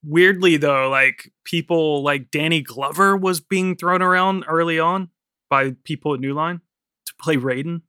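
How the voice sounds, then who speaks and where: A man's voice: fairly high pitch, a little slow, bright, forceful tone, smooth, dry recording, studio quality. A man co-hosting a film podcast, telling behind-the-scenes trivia in casual, swearing chat. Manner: swearing, laughs often, tells production trivia. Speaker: podcast co-host.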